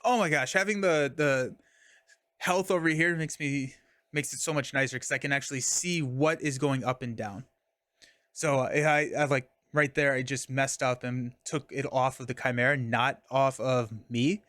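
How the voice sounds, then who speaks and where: A man's voice: mid-range voice, steady tone, normal speed, a bit bright, dry recording, studio quality. A young man casually streaming a card game, talking through his moves and chatting with viewers. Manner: chatty, reads chat and thanks viewers mid-game.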